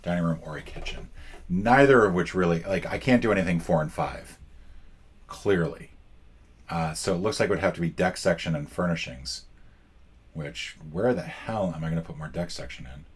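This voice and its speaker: A man with a low, slightly rough voice talks at a normal pace while playing a solo board game. He comments wryly and pokes fun at himself, thinking aloud and counting out spaces in casual playthrough commentary.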